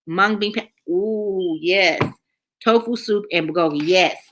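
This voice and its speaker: A woman, hosting a casual livestream, reading viewers' comments aloud and chatting in a lively way, repeating herself often. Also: medium pitch, measured pace, slight background noise. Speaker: channel host reading live chat.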